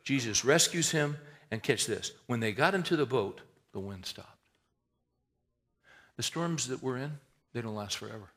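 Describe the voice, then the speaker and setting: A man preaching a sermon in a folksy, conversational way, rising to emphatic swells and dropping to hushed prayer. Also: medium pitch, expressive, moderate pace. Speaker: pastor.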